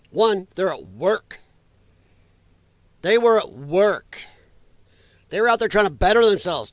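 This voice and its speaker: A man's voice: high-pitched, fairly bright tone, dry recording. A man from Illinois hosting a political commentary livestream, ranting and sarcastic with crude language. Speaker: host.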